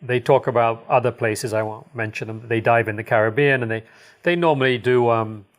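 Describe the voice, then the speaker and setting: A middle-aged man talks as a podcast guest at a mid-range pitch. He rambles through his stories with plenty of fillers, and he sounds enthusiastic and chuckles often. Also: a little fast. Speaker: dive shop owner, guest. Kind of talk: casual storytelling interview.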